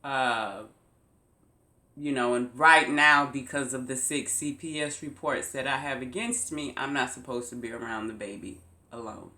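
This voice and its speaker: A woman vlogger telling a personal story to her viewers, slow and emphatic, repeating phrases for weight. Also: extremely low pitch, sharp tone, reverberant. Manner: slow, repetitive, emphatic retelling. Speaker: YouTube vlogger.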